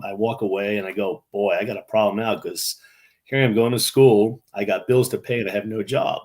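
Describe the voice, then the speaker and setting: A man's voice: on the low side, fairly even intonation, fairly quick, darkish tone. A middle-aged man from New York, a guest on a video-call interview, telling chatty anecdotes full of restarts and mimicking the people in his stories. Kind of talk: casual storytelling.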